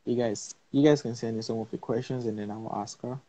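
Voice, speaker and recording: A man hosting a casual live-stream interview, playful and lively, often repeating words. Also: medium pitch, quick pace, noisy background. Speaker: interview host.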